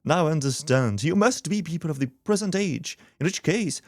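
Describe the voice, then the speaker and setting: A man playing a grand woman of an ancient age, lofty and theatrical, lively pitch, slightly raised voice. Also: normal speed, no room sound, clean studio sound. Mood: formal.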